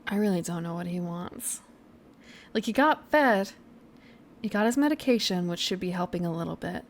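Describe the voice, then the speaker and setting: A woman's voice: lowish voice, expressive, normal speed. Chatty woman streaming a game. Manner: chatty, trailing off, small laughs. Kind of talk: casual live game commentary.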